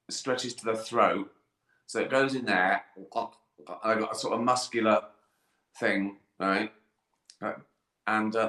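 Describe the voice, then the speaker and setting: A man's voice: on the low side, fairly bright tone, reverberant. A middle-aged man hosting a casual live stream, answering viewer questions in a rambling, jokey way and laughing at his own jokes.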